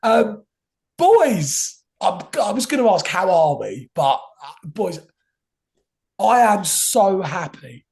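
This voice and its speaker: A young man hosting a casual football podcast. His voice is hoarse and half gone, and he talks in an excitable, rambling way. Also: sits high, slow. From England. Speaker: podcast host.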